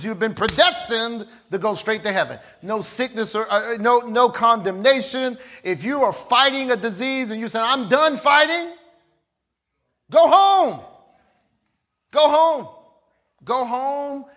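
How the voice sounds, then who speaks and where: A man's voice: sits high, pushed and bright. A middle-aged man preaching a sermon, emphatic, repeating key phrases and leading the congregation to answer back.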